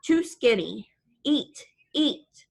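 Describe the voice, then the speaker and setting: A woman's voice: on the high side, very animated, creaky, exaggerated voice. A woman doing a tiny old Italian grandmother. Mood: insistent. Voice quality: halting broken English.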